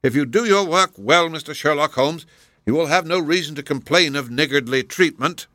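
A man's voice: fairly high pitch, normal speed, pushed and bright, no room sound, clean studio sound, voice pushed up. A man doing a stern proud old duke. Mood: imperious. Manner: imperious, clipped. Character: stern aging male duke, proud aristocrat. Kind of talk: audiobook character voice.

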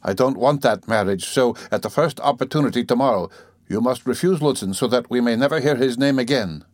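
A man's voice: medium pitch, brisk, no room sound, studio quality, pitched above the performer's own voice, close to an everyday voice. A man voicing a tormented, feverish young man who speaks curtly and with strain. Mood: irritable, strained. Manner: curt, strained.

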